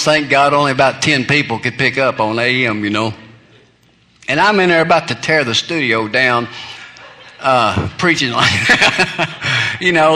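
A man's voice: on the high side, pushed and bright. A male pastor telling humorous stories in a sermon, folksy and self-deprecating, laughing at his own jokes.

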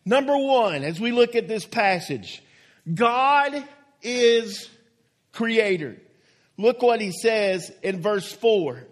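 A pastor preaches in a folksy, emphatic way, leaning hard on single words and drawing them out. His voice sits high for a man, and he takes his time, letting each point land slowly. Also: expressive. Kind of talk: sermon.

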